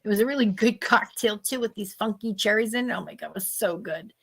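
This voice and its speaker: A middle-aged woman, telling animated stories in casual chat and acting out the people she quotes. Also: medium pitch, fast, creaky, husky. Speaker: host.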